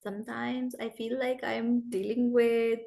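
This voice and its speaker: A woman teaching English in an online class over a video call, brisk and chatty, calling on students by name. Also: fairly high pitch, level tone, creaky, warm tone.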